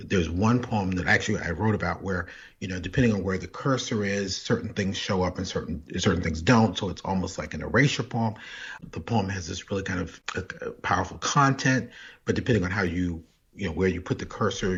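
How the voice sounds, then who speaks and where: A man, a poet and author, talking in a casual interview with thoughtful, halting speech full of restarts. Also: sits low, slightly rough, muffled recording.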